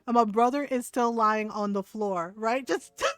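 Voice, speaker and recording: A woman's voice: on the high side, unhurried, clean tone, dry recording, soft background music. A middle-aged woman streamer telling family stories casually while gaming, laughing often and swearing freely.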